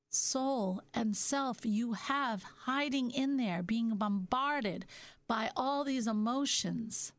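Gentle-voiced woman hosting a self-help talk. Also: on the high side, no echo. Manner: gentle, musing, slows down for key points. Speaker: podcast host.

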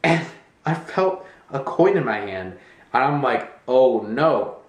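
A man's voice: mid-range voice, very animated, unhurried. A man telling a casual, rambling story as he shows a money magic trick, acting out his own thoughts. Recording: echoey room.

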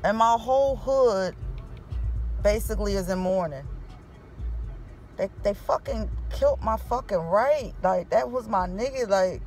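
A woman's voice: medium pitch, animated, measured pace, long pauses, a little mellow, faint music behind. A woman from Philadelphia recording a raw, grieving vlog from her car, with heavy swearing. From Philadelphia, USA. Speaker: vlogger. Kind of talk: emotional selfie vlog.

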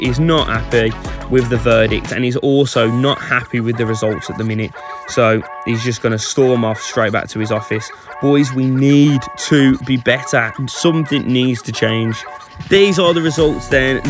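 A young man giving excitable, sweary commentary over a football video game, shouting at his players. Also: medium pitch, moderate pace. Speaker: gaming YouTuber. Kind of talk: live gameplay commentary. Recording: faint music under voice.

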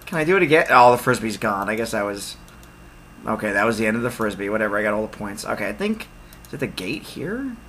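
A man giving casual let's play commentary, excitable, with loud outbursts and laughter. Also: on the low side, fast talker, a little hiss or hum.

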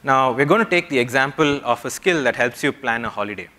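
A man's voice: medium pitch, animated, quick pace, sharp tone. Man explaining at a tech conference. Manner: explanatory, checks in with the audience with "yeah?". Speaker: conference speaker. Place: conference hall.

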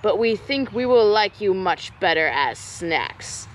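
A woman doing a low sly spider judge. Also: very animated, unhurried. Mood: sly menace.

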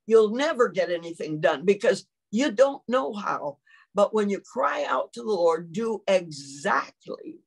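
A woman's voice: medium pitch, lively intonation, measured pace, vocal fry, breathy edge. An older woman, preaching a sermon and telling a personal story with lots of acted-out quotes.

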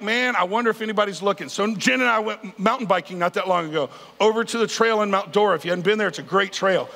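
With a fairly bright, high voice touched by vocal fry, a pastor in his fifties jokes his way through a sermon and often calls on his congregation. Long hall reverb from the large church sanctuary fills the recording.

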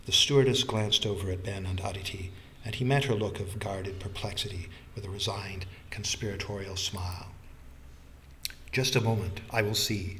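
A man reading a novel aloud as an audiobook narrator, in an even, literary manner. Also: on the low side, slight background noise. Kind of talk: scripted narration.

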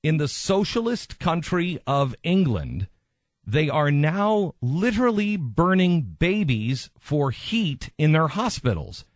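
A man's voice: a little high, big pitch swings, takes it slowly, no room sound. Emphatic male talk radio host, dry sound. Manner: emphatic, impassioned, repeats himself for stress.

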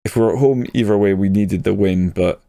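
A man's voice: lowish voice, a little fast, no room sound. A young man, casually commenting on his own football management game and getting worked up over goals. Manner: excitable, swears when a goal goes in. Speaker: gaming YouTuber.

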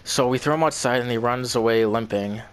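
A man's voice: mid-range voice, a little fast, smooth. A young man telling a story in a casual, rambling way, swearing often and repeating himself. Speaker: vlogger.

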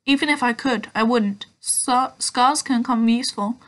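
A woman voicing a calm, wise old male wizard headmaster who speaks in a measured way. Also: a little high, lightly acted.

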